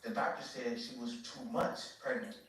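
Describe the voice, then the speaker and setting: A man's voice: medium pitch, flat delivery, moderate pace, a bit bright, slight background noise. A man answering questions as a litigant on a courtroom show, terse and defensive. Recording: echoey room, distant mic.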